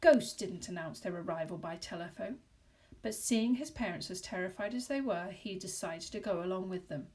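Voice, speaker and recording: A woman's voice: fairly low pitch, normal speed, a little mellow, far from the mic. Woman reading a children's novel aloud. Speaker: narrator.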